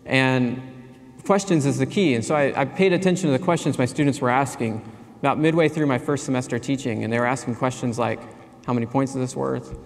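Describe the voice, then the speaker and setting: A man in his forties speaks to a conference audience at an ordinary middle pitch, unfolding a personal story with earnest, self-deprecating pauses. His voice carries a long, ringing reverb from the large hall around him. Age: 40s. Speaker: keynote speaker.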